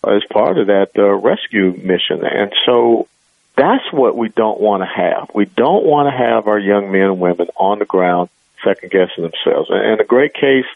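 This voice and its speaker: A man's voice: lowish voice, expressive, moderate pace, vocal fry, dry recording. A man as a radio interview guest, talking in an emphatic, earnest way over a phone line.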